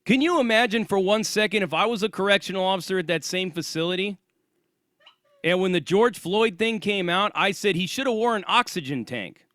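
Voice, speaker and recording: A man's voice: high-pitched, brisk, a bit bright, no room sound, clean studio sound. A man hosting his own channel, delivering an angry, profane and sarcastic ranting monologue. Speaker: channel host.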